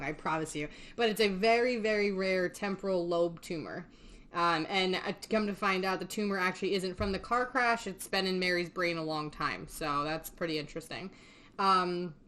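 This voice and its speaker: A woman's voice: fairly low pitch, a bit bright. A young woman hosting a casual podcast, recapping a film in a chatty way, laughing often and swearing casually. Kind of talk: casual chat.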